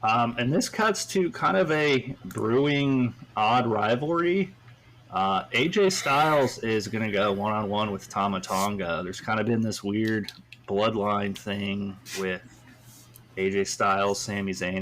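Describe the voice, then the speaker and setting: A man with a slightly low voice hosts a podcast, casually recapping wrestling matches. He rambles and fills his talk with hesitations and hedges. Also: a little slow, a bit bright, slight background noise. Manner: rambling, with many fillers and hedges. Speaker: podcast host.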